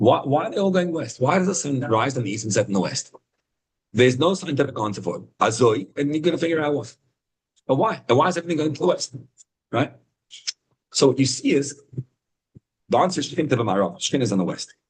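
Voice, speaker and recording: A man teaching an informal Torah class over a video call, telling stories with rising, excited emphasis. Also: fast, pauses often, husky, low-quality recording. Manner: animated storytelling, rising to high excited emphasis.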